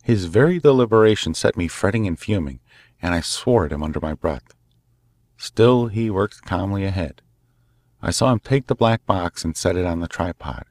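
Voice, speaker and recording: A man narrating a classic story in a measured, dramatic way. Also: low-pitched, animated, a little mellow, dry recording. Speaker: audiobook narrator. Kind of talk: scripted narration.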